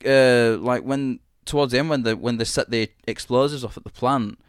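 A man's voice: medium pitch, steady tone, normal speed, smooth, dry recording, clean studio sound. A man, chatting casually and enthusiastically about a TV series as podcast co-host, rambling and swearing freely.

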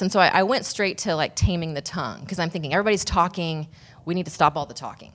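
A woman's voice: fairly low pitch, expressive, fast. A woman on a podcast telling a personal story in a casual, rambling way, with many restarts and asides. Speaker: podcast guest.

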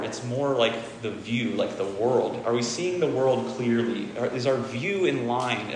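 A man's voice: medium pitch, a little hiss or hum. A man giving a casual, candid dharma talk, swearing freely and repeating phrases for emphasis. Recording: echoey hall with faint ambience.

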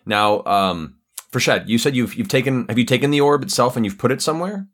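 A man narrating a tabletop game as game master, describing the scene in a measured way. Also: mid-range voice, lively intonation.

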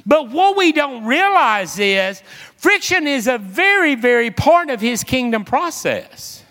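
Male preacher, bright tone, slow deliberate delivery, long hall reverb, animated storyteller. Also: extremely high pitch. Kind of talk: sermon with personal storytelling.

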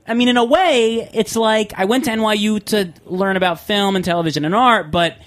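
A man's voice: high voice, a little fast. A young man hosting a casual radio talk show, jokey and talking over his co-hosts. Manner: animated, jokey, talks over others.

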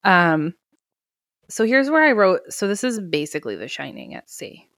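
A woman's voice: lowish voice, huge pitch swings, moderate pace, fairly bright tone, dry recording, clean studio sound. A woman casually recapping a film on a podcast, acting out the characters' lines with plenty of swearing. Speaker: podcast co-host. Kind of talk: casual movie recap chat.

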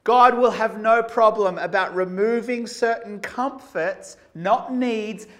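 A man's voice: sits high, slow, a bit bright. A male pastor preaching a sermon emphatically, piling up rhetorical questions and repeated phrases.

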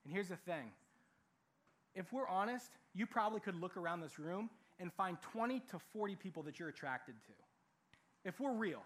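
High, bright-voiced animated young preacher man. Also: moderate pace. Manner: animated, acts out quoted voices. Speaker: youth pastor. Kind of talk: sermon.

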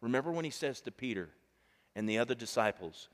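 A male pastor preaching a sermon to a congregation, animated and emphatic, calling out to the people. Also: medium pitch, a little fast, in a large hall. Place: church stage before a congregation.

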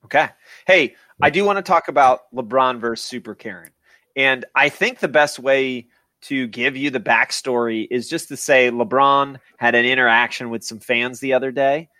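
A man's voice: medium pitch, moderate pace, bright, forceful tone, dry recording. A man hosting a podcast in casual, profane, rambling chat. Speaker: podcast host.

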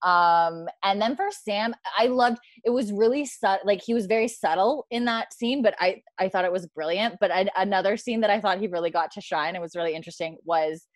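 A woman hosting a casual fan discussion, animated and acting out lines she quotes, with plenty of fillers. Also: mid-range voice, a little fast, few pauses, no room sound. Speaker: podcast host.

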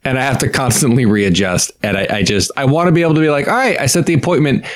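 A man's voice: mid-range voice, quick pace. A man in his thirties co-hosting a casual podcast, venting with exasperated sarcasm and bursts of laughter. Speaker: podcast co-host. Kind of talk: casual chat.

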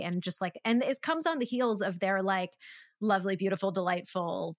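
A woman's voice: medium pitch, moderate pace, no echo, studio quality. A woman co-hosting a podcast, chatting casually about a movie with lots of fillers and restarts. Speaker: podcast co-host. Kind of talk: casual film discussion.

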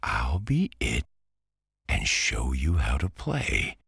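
Storybook boy of ten read by a man: earnest, pleading, a little higher. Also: huge pitch swings, slow pace, gravelly, a bit bright, husky, no echo, studio quality, exaggerated voice. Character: ten-year-old farm boy.

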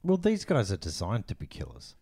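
Man, low voice, very lively delivery, dry close mic, casual film-podcast co-host. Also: brisk, husky, no room sound. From Australia. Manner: animated, casual slang.

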